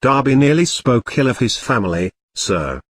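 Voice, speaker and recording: A man voicing a timid, excitable male house elf servant who keeps dropping a low, bowing "sir" at the end of his sentences. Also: moderate pace, husky, no room sound, clean studio sound. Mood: earnest. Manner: servile, ends sentences with a low drawn "sir".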